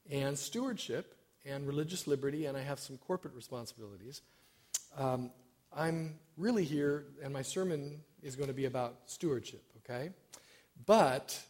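A middle-aged lay preacher who directs stewardship at his church gives an informal sermon in a slightly mellow, rather high male voice. He's self-deprecating and hesitant, leaning on lots of fillers.

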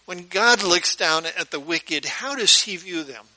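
A man's voice: high-pitched, expressive, measured pace, pushed and bright, low-quality recording. A male pastor preaching a sermon in a conversational storytelling way, often putting questions to his listeners.

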